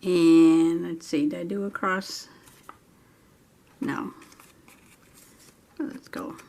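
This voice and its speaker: Slow-talking woman crafting at home. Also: fairly low pitch, steady tone, vocal fry, warm tone. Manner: chatty, thinking aloud while working. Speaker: craft vlogger. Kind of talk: casual crafting narration.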